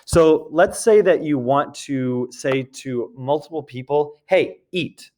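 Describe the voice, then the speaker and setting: A man's voice: on the high side, takes it slowly, a little mellow. A man teaching a recorded grammar lesson, patiently repeating points and checking in with his students as he goes. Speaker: French teacher.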